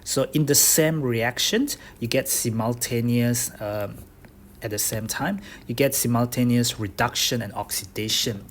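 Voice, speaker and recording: A man's voice: mid-range voice, measured pace, slight background noise. A man, a chemistry tutor, lecturing over slides, explaining step by step and checking in with "okay?" after each point. He has a Bruneian accent. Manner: explains step by step, repeats key points, says "okay?" often.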